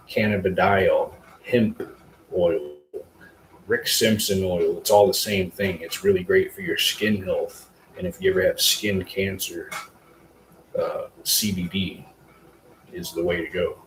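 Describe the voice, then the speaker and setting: A man's voice: sits low, fairly even intonation, slow. A man hosting a casual live stream about growing mushrooms, rambling loosely with lots of fillers and the odd curse word. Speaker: livestream host, hobby mushroom grower. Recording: echoey room with faint ambient hum.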